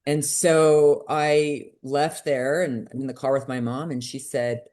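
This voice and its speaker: A middle-aged woman, a podcast guest, telling a personal story in candid conversation and acting out quoted voices with sudden jumps in pitch. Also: fairly even intonation, unhurried, a little mellow.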